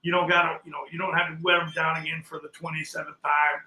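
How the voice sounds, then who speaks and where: A man's voice: a little high, level tone, fast talker, bright, forceful tone, reverberant, rough recording. An older man casually telling a long story as a podcast guest, acting out the people he quotes.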